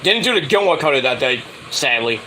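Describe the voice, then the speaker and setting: Bright-voiced middle-aged man telling a story. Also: medium pitch, a little fast, a little hiss or hum, rough recording. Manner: rambling, with filler words and restarts; animated, acting out quoted lines. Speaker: wrestling show reviewer. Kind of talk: casual storytelling monologue.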